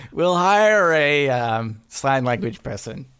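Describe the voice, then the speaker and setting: A man with an Australian accent chats on a podcast, his voice sitting a bit high and bouncing around a lot. He laughs easily and jokes his way through the talk. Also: big pitch swings, fairly bright tone, clean tone. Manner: giggly, quick to laugh, joking. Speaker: podcast co-host. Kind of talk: casual podcast chat. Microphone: remote recording.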